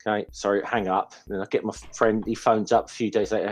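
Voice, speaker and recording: A man's voice: on the low side, fairly even intonation, a little fast. A man telling a rambling prank story on a group call, swearing freely and restarting his sentences. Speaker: quiz show guest. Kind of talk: casual storytelling chat.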